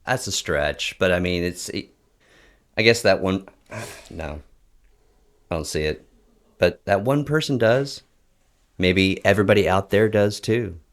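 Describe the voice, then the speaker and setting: A man's voice: sits low, measured pace, pauses often. A man co-hosting a casual podcast chat, making dry, teasing remarks. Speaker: podcast co-host.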